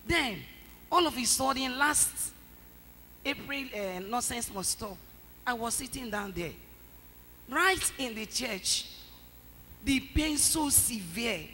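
A woman's voice: a little high, sharp tone, a little hiss or hum. A woman animatedly telling her testimony in church. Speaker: church member giving testimony. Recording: long church reverb, faint ambience.

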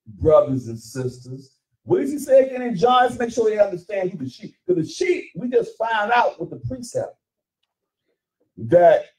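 A man's voice: high-pitched, big pitch swings, normal speed, a little mellow, distant mic, rough recording. Emphatic man teaching from scripture. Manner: emphatic, questioning, repeats phrases. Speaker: teacher leading Bible study. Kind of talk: call-and-response Bible teaching.

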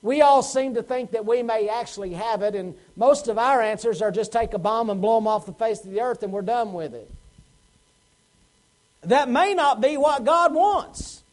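A pastor delivers a Sunday sermon in a church sanctuary. His voice sits unusually high for a man. He presses the congregation with questions and acts out the lines of the people in his stories. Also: moderate pace, rough recording. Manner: preaching with rhetorical questions and acted quotes.

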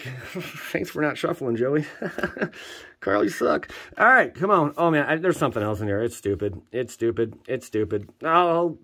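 A man casually commenting as he opens card packs for viewers, excitable and joking, jumping between loud hype and quiet muttering. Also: mid-range voice. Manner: slangy, joking, teasing. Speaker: channel host opening card packs for viewers.

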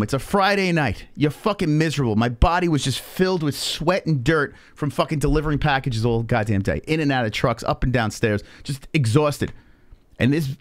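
A man's voice: a little high, dry recording. A man hosting a live stream, telling a story in a casual, profane way and acting out the people he quotes. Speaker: stream host.

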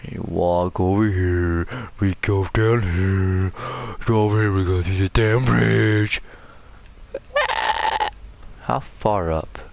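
Low-voiced man ranting angrily over gameplay. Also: steady tone, slow pace, creaky, pauses often, darkish tone, a little hiss or hum. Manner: angry, profane, ranting. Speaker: gamer. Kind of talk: let's play commentary.

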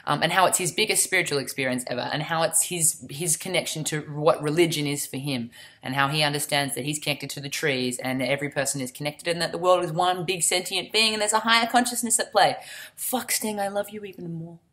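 A woman from Adelaide with an Australian accent, hosting a casual comedic news vlog in an excitable, sweary way. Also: low-pitched, brisk. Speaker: host.

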